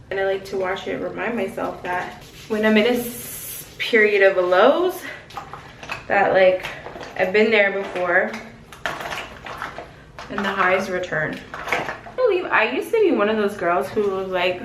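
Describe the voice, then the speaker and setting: A woman's voice: medium pitch, measured pace, a little hiss or hum. A young woman vlogging in casual, slangy chat, musing on her feelings and life. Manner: chatty, slangy, self-reflective. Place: gym. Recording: echoey room, mic at a distance.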